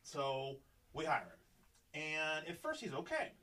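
A man's voice: fairly high pitch, measured pace, far from the mic, rough recording. A man telling a long work story in a casual podcast chat, swearing freely and acting out what people said. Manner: profane, animated, acts out quoted dialogue.

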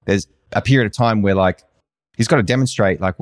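A man's voice: low-pitched, moderate pace, dry recording, studio quality. A man in a casual conversation, speaking reflectively and thoughtfully, with frequent fillers.

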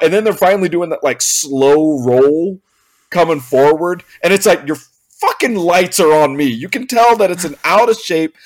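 A young man telling a long comic story in casual chat, animated and exasperated, swearing and laughing as he goes. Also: on the high side.

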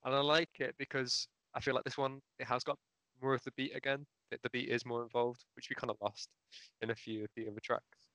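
A man co-hosting a casual music chat, giving halting, thoughtful opinions on an album. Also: medium pitch, flat delivery, fairly bright tone, no echo. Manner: thoughtful, halting, restarts often. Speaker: podcast co-host.

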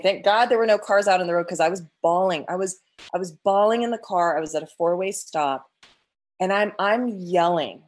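A woman sharing an emotional personal faith testimony, earnest, with frequent restarts and quoted prayers. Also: fairly low pitch.

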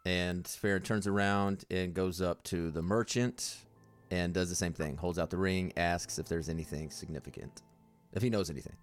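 A man narrates what his character does in a tabletop game, relaxed and halting with lots of filler. His voice is very low. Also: soft background music. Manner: casual, laughing, hesitant. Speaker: player.

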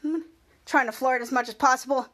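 A woman's voice: high voice, steady tone, a little fast, bright, forceful tone. A woman hosting a podcast, casually recapping a TV episode scene by scene, rambling with frequent restarts. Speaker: podcast host.

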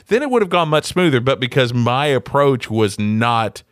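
Middle-aged male co-host, animated storyteller with a wide-ranging voice, dry studio sound. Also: mid-range voice, normal speed, few pauses, no echo. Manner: animated storyteller, acts out quotes, laughs often. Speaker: podcast co-host. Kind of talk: casual chat.

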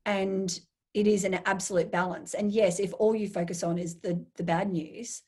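A woman guest in a casual interview, talking enthusiastically and acting out her own inner voice in quick asides. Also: medium pitch, fairly even intonation, warm tone, slightly rough.

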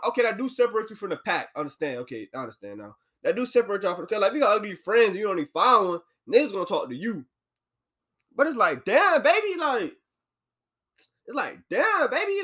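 A young man hosting a podcast from an apartment, ranting casually in loose slang. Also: high-pitched. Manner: loose, animated slang-heavy rant. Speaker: podcast host.

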